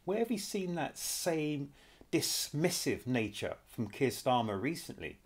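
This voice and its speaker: A middle-aged man talks through a clip he is reacting to, sounding animated. He repeats his points and keeps addressing viewers directly. His voice sits at an ordinary mid pitch. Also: measured pace, breathy edge. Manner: animated, repetitive, addresses viewers as guys and people. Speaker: reaction video host.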